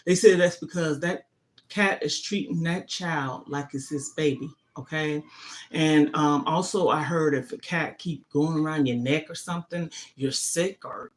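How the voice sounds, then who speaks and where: The host is a middle-aged woman with a low-pitched, unhurried voice. She runs a casual livestream, making her points emphatically and frequently checking in with "okay?"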